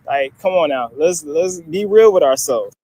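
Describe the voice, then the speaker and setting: A man's voice: on the high side, lively intonation, a little slow, mellow. A man from Africa ranting casually in a clip, blunt and profane, laughing through his points. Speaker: social media video maker. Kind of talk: casual video rant.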